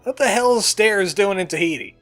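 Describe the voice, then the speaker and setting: Man, high voice, casual let's play commentary, jokey, faint game music. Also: expressive, brisk, a bit bright. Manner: chatty, jokey, puts on a cowboy voice.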